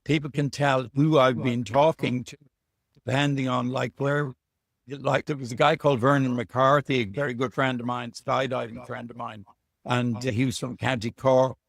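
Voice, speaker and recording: Irish male author, mid-pitch, chatty storyteller, dry recording. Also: fairly even intonation, normal speed, creaky, no echo. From Ireland. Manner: chatty, anecdotal, self-deprecating. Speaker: author guest. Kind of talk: relaxed storytelling interview. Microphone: video call.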